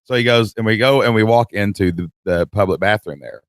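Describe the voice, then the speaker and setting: A man co-hosts a podcast, telling a story in casual chat and animatedly acting out the voices of its characters, laughing partway through. His voice is lowish and a little fast, with no room sound and studio quality.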